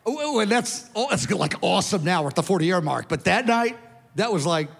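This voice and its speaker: An older man in his seventies with a high-pitched voice preaches to his congregation, spinning a story with animated emphasis and casual asides. His voice rings out through a large church hall with a long, lingering reverb. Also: fairly quick, vocal fry, breathy edge. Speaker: pastor. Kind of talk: sermon storytelling.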